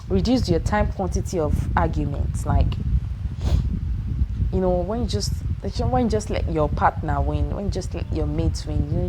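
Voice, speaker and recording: A woman's voice: medium pitch, noisy background. A young Nigerian woman with a Nigerian accent giving relationship advice in a casual vlog, repeating her points emphatically and asking if you understand.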